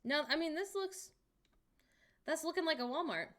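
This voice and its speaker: A woman streaming, chatting casually and reacting wryly out loud to what she finds while browsing online. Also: high voice, lively intonation, normal speed.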